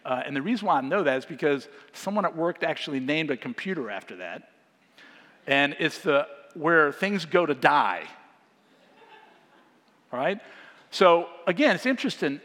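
Man preaching a chatty sermon in a reverberant hall. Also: fairly high pitch. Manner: conversational, animated, asks the congregation questions. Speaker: guest preacher. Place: church sanctuary.

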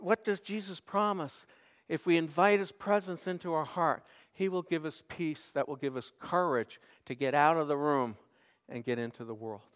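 A man preaching a sermon to his congregation, earnest, rising to emphatic peaks and then dropping soft. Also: a little high, big-room sound. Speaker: pastor. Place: church sanctuary.

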